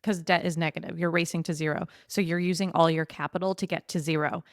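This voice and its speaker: A woman's voice: lowish voice, steady tone, no room sound, studio quality. A woman money coach chatting as a podcast guest, emphatic and direct, often speeding up when she mimics other people. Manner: emphatic, quick bursts when quoting others. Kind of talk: casual interview chat.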